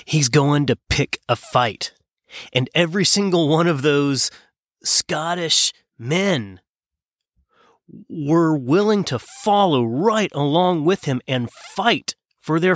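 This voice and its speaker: A man hosting a business podcast, telling a story in an emphatic way with dramatic pauses. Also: a little high, no room sound, studio quality. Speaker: podcast host. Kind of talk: scripted podcast intro monologue.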